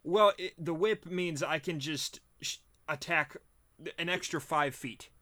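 Young man player, bright tone, stammers, flustered. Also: on the high side, a little slow. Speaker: tabletop game player. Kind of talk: casual game chat.

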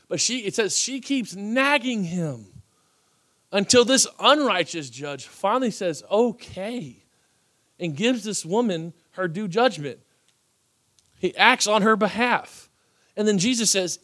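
A man preaching a sermon as pastor, animated, acting out the voices he quotes. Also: high-pitched, measured pace.

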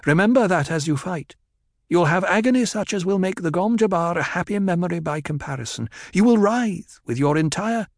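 A man's voice: medium pitch, expressive, unhurried, slightly rough, no room sound, clean studio sound, pitched above the performer's own voice. A man voicing a fierce, protective noblewoman with an intense, commanding manner.

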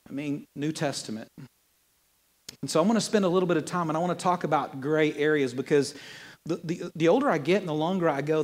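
A male pastor preaching a sermon in a church in an animated, conversational way with playful asides. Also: on the high side, big-room sound.

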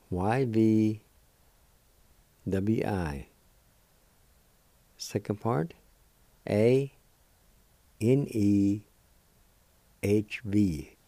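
An older man with a Cherokee accent teaching words slowly and deliberately as a radio language teacher, repeating each one. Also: fairly low pitch, creaky, warm tone, no room sound. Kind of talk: slow spelled-out language lesson.

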